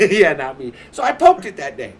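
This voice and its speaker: A man's voice: a little high, huge pitch swings, moderate pace, crowd noise. A man streaming from home, telling a story in casual chat, swearing constantly and ranting with animation.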